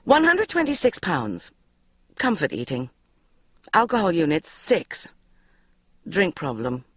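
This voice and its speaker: A woman narrates a comic diary audiobook in first person. Her pitch swings widely as she reads with wry, self-mocking expression. The recording is dry and close. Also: huge pitch swings, takes it slowly, breathy edge, dry recording.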